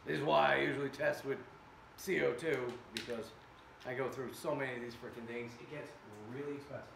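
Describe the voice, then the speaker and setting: Gravelly guy rambling and joking at his workbench, echoey shop, noise in the background. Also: medium pitch, steady tone, brisk. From America. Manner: chatty, joking asides to viewers. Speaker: shop owner testing air guns on camera. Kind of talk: casual workshop vlog. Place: indoor workshop. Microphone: camera set far away.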